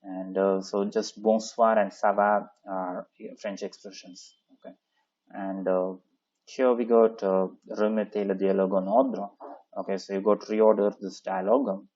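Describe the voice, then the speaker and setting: A man walks through a French textbook lesson, starting nearly every sentence with "okay, so" before reading out French phrases. His voice sits fairly low. The recording is dull and lo-fi. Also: flat delivery, a little slow, a little mellow. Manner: explains in English, reads French aloud, many "okay, so" fillers. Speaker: French teacher. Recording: dull lo-fi sound.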